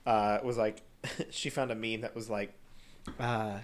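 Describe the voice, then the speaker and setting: A young man co-hosting a podcast, chatting loudly on a headset mic and laughing often as he rambles. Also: lowish voice, flat delivery, a little slow. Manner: giggly, rambling, loud. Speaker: podcast co-host. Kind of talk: casual chat.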